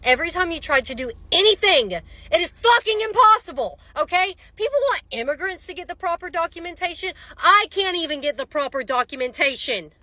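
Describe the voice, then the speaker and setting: High bright frustrated woman, dry room. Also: lively intonation, no room sound. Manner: frustrated, storytelling, brisk. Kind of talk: venting to camera.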